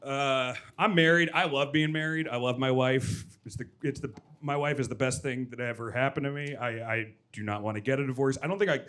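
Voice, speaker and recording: A man performing a stand-up comedy set on a club stage, telling energetic stories with loud shouted impressions and quick asides. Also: medium pitch.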